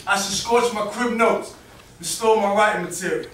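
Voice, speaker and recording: A man's voice: high voice, steady tone, moderate pace, fairly bright tone, slight background noise. A man from Boston performing rhythmic, rhyming spoken word poetry at an open mic, with dramatic emphasis. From Boston, USA. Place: performance venue with audience. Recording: echoey room, mic from far off.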